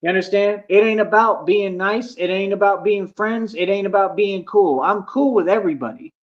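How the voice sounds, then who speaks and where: High-pitched man, boastful, defiant, livestream rant, dull lo-fi phone audio. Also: normal speed. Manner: boastful, defiant, addressing chat. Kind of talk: ranting livestream.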